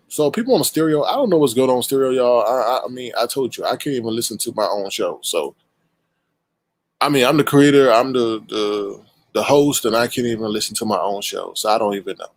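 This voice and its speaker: Greeting his audience member by member, this show host and creator keeps things casual and fun, stretching his hellos in animated shout-outs. His voice sits mid-range, with no echo, over rough audio.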